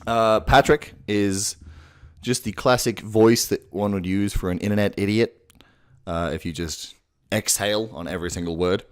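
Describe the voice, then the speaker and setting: A man's voice: lowish voice, fairly even intonation, moderate pace. A man giving a crude, rambling, self-mocking voice-impression tutorial at home. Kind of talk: casual tutorial. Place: home room at night.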